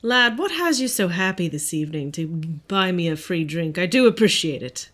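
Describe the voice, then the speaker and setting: A woman's voice: lowish voice, very animated, moderate pace, fairly bright tone. A woman playing a polite, friendly adventurer.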